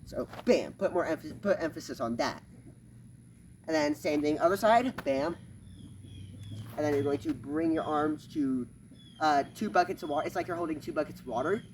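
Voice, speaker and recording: Lively-pitched man teaching karate outdoors. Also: slight background noise. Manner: halting, many fillers, punctuates moves with "bam"; talks while performing moves. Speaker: karate instructor. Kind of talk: casual demonstration lesson. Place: backyard, outdoors. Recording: distant outdoor recording with clucking chickens.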